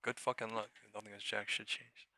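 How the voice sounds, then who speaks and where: A man's voice: lowish voice, flat delivery, fairly quick, sharp tone, dry recording. A young man hosting a live trading stream, swearing freely and mocking viewers in chat. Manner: profane, mocking, reacts to chat. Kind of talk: casual livestream commentary.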